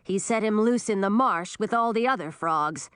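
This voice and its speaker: A woman's voice: medium pitch, normal speed, a bit bright, clear, resonant tone, dry recording, clean studio sound, close to an everyday voice. A woman voicing a fierce, protective male ice dragon who growls his words. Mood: plain. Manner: growling, blunt.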